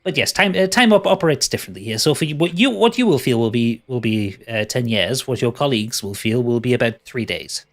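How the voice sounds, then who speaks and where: A man's voice: medium pitch, expressive, a little fast, hardly any pauses, fairly bright tone. A man voicing a smug, matter-of-fact male jailer in a tabletop game.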